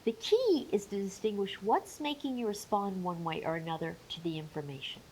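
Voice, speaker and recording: A woman educator giving an emphatic, clear talk on menopause with playful asides. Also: medium pitch, animated, a little fast, a little mellow, a little hiss or hum, poor audio.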